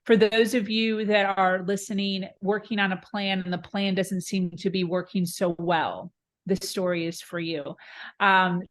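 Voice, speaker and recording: A woman in her thirties speaks as a podcast guest, recounting her own hard past frankly and with strong feeling. Her voice sits at an ordinary middle pitch for a woman, and she tells the story in a candid, emotional way. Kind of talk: personal story in an interview.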